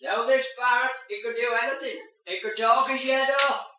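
A woman's voice: a little high, steady tone, normal speed. Droll woman telling jokes in an echoey hall. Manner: droll, chuckles at her own punchlines. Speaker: entertainer. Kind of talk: comic storytelling and verse recital. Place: community hall for elderly audience. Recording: echoey hall, mic far off, faint noise.

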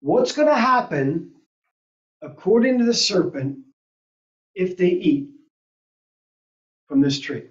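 Her fairly low voice sing-song and slow, a woman pauses often while leading an adult Sunday school class. She questions the group and thinks aloud, heard through a roomy, distant, dull church classroom recording.

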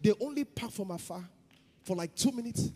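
A man preaching a sermon as pastor, shifting between loud chanted prayer and quiet storytelling. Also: high-pitched, lively intonation, a little fast, husky, long reverb tail. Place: church hall.

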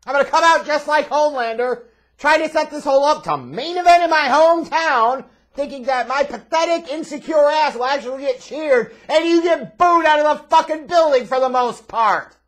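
A smug wrestler bragging about himself, full of insecurity, as a man mocks him. The voice sits very high and sneers at every turn. The delivery comes louder and more pushed than plain talk. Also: animated, moderate pace, poor audio. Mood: sneering. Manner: mocking, sneering first-person parody.

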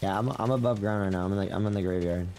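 Deep-voiced young gamer man. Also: very fast. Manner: hesitant, swearing, restarts. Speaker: gaming guest. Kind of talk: casual gaming chat.

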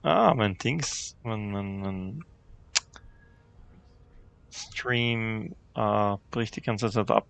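An Austrian man whose first language is German, streaming and doing let's play commentary while reading game text aloud, with a quick laugh. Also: fairly low pitch, gravelly, pushed and bright, no echo.

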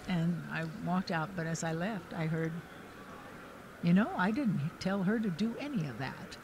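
A woman's voice: medium pitch, measured pace, long pauses, a little mellow. An older woman recalls her acting days in a chatty, meandering way, breaking into laughter and starting sentences over. Her voice sits in a middle range. A faint hum of a busy hall runs behind her. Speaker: interview guest, actress. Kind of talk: casual anecdotal storytelling. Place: convention floor.

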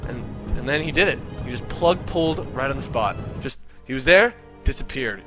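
A man telling a comic story in an excitable, profane, ranting way. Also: medium pitch, normal speed, music in the background. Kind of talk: comedic monologue.

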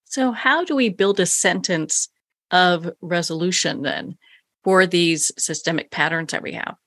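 A woman hosting an interview, putting measured questions to her guest. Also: lowish voice, a bit bright, dry recording, clean studio sound. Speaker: host.

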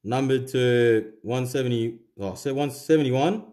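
A young Australian man opens card packs and calls out each name in an offhand, sweary patter. His voice sits at an ordinary middle pitch. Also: a little slow, dark tone. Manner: swears constantly, rattles off names. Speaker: card-opening channel host. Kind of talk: casual pack-opening commentary.

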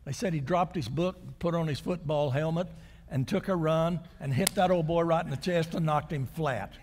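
Older preacher telling stories in a church. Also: male voice, fairly high pitch, normal speed, in a large hall, a little hiss or hum. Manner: storytelling preacher, swings from loud to hushed. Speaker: pastor. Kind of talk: sermon. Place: church sanctuary.

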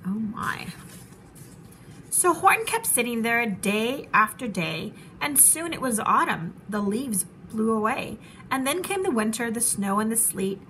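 A woman teacher reading a children's storybook aloud, expressive and animated, dropping to a hush at tense moments. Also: on the high side, a little hiss or hum, poor audio.

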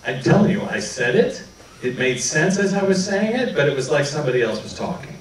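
A man's voice: on the high side, fairly quick, slight background noise. A man giving a talk to an audience about his own experiences, telling stories and acting out what people said. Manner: animated storytelling, acting out quoted dialogue. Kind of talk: public talk with personal anecdotes. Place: meeting hall before an audience. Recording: echoey hall, voice from far off.

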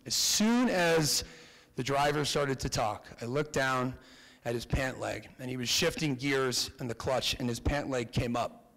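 Man telling a story in a hall. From Connecticut, USA. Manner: animated storyteller, voices quotes with lifted pitch. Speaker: keynote speaker. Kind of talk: storytelling talk. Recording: reverberant hall.

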